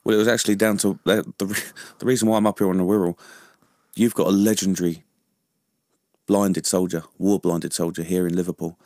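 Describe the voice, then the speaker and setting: Here the chatty guest talks fairly quickly, his warm voice sitting low with a level tone, in a dry, clean studio recording. He's a veteran from London on a casual radio interview, laughing a lot and repeatedly checking "you know what I mean?".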